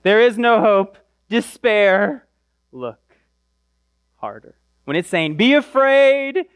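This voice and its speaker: A man's voice: medium pitch, a little mellow, no room sound. A man giving a sermon as pastor, in a casual, emphatic style with slangy asides.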